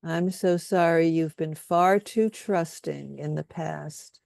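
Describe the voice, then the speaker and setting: Woman workshop leader, calm guided-healing delivery, dry close sound, lowish pitch. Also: vocal fry, dry recording. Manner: slow, soothing, leads repeated statements.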